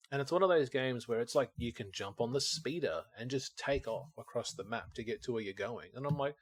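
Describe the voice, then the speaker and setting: A man's voice: mid-range voice, lively intonation, a little fast, hardly any pauses, no room sound. A man co-hosting a podcast, rambling casually and acting out his own thoughts as he talks. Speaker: podcast co-host. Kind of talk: casual chat.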